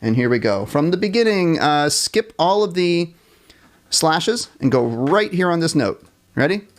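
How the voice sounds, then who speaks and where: A man's voice: a little high, very animated, unhurried. Upbeat man teaching a live jazz class. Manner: upbeat and encouraging, counts off and scats melodies; self-deprecating about small mistakes. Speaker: music teacher.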